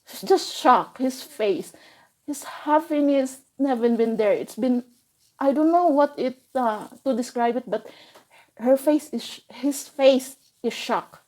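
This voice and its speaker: A woman recounts a painful memory in a slow, halting way, often restarting her sentences. Her voice sits a little high yet sounds mellow and soft. The telling is deeply emotional. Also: poor audio. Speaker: vlogger. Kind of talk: personal storytelling.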